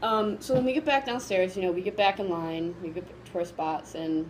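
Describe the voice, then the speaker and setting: A woman vlogger casually telling a story to camera, excited and gushing, rambling with lots of fillers. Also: medium pitch, moderate pace, a little hiss or hum, low-quality recording.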